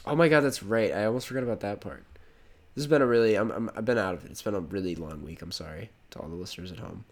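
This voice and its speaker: A man's voice: fairly low pitch, racing. A young man with a cold hosting a casual podcast, rambling and correcting himself, laughing easily. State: has a cold. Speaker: podcast host.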